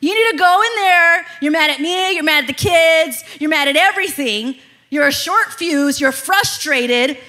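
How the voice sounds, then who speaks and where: A woman pastor in her thirties preaching a sermon in an animated, conversational way, laughing often. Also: sits high, normal speed.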